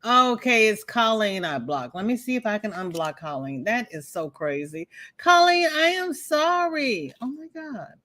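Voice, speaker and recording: A woman's voice: fairly high pitch, animated, unhurried, pushed and bright. A woman hosting a crochet livestream, chatting casually and greeting viewers by name, with folksy exclamations.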